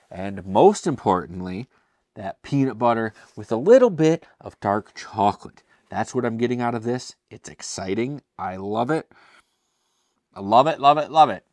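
A man's voice: lowish voice, darkish tone, no room sound, studio quality. A man hosting a casual beer tasting review, talking chattily and enthusiastically with self-deprecating asides. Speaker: beer reviewer and show host.

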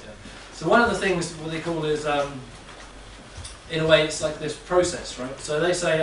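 A man's voice: a little high, moderate pace, fairly bright tone. A man speaking to a live audience in a chatty, rambling way, often checking in with "yeah?". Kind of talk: casual talk to a live audience. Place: room with an audience. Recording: echoey room, distant mic, faint noise.

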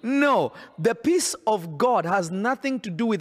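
A man's voice: sits high, lively intonation, a little slow. A man preaching a sermon in an emphatic, insistent way, often repeating his phrases.

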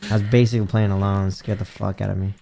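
A young man streaming a ghost-hunting game, chatting casually, excitable and swearing often. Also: fairly low pitch, fast talker, vocal fry. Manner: excitable, swears a lot, jumpy. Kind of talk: casual gaming stream chat.

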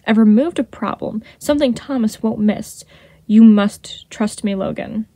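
A woman voicing a sly, snake-like male deceiver in a storybook reading, with a smooth, honeyed manner. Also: fairly high pitch, unhurried, warm tone, no echo. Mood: silky. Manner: purring and mocking.

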